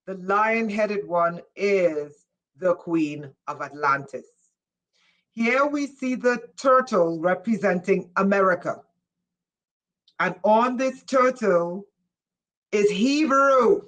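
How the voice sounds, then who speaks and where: A woman gives a live-streamed spiritual lecture at an unhurried pace. She stresses her main points by saying them again slowly and stops often to check that her viewers are following. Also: medium pitch, expressive, low-quality recording. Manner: emphatic, repeats key lines slowly for effect; asks listeners questions. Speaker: spiritual teacher.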